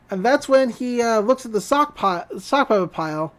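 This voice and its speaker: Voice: medium pitch, animated, moderate pace. A podcast host recapping a cartoon episode in casual chat, laughing often and acting out the characters' lines.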